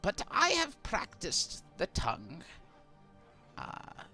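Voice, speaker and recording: A man voicing an old, hunched, garlic-headed male sage in a tabletop game, speaking in a slow, formal, halting way. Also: sits high, huge pitch swings, bright, forceful tone, faint music behind, pitched above the performer's own voice, full character voice. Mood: measured.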